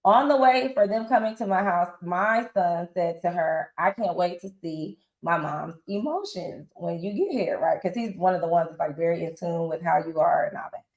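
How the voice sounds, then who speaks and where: A woman's voice: lowish voice, moderate pace, few pauses, echoey room, poor audio. A woman in her forties, a reality show guest telling her story bluntly and casually with slang, acting out other people's lines. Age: 40s. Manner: animated, acts out others' lines in quotes. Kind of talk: candid interview storytelling.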